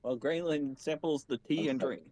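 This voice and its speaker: A man playing a tabletop game, playful and quick to laugh. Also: a little high, warm tone. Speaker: player. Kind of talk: casual game chat.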